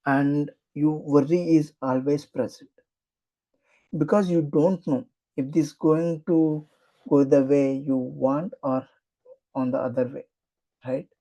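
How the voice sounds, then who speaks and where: A guide leads a guided affirmation meditation in a soothing, repetitive way. The voice is very dark and mellow, with a gravelly fry, and it moves at an unhurried, drawn-out pace. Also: mid-range voice, steady tone, muffled recording. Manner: slow, soothing, repetitive instruction.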